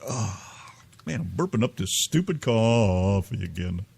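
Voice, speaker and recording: A man's voice: on the low side, expressive, measured pace, gravelly, darkish tone, slightly rough. A man from Texas, co-hosting a casual radio chat in a teasing, joking way. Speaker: co-host.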